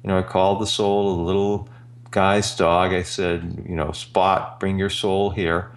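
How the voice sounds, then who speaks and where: Male radio host, low voice, unhurried and earnest storyteller. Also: little pitch movement. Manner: slow, earnest anecdote telling. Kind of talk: storytelling on a talk radio show.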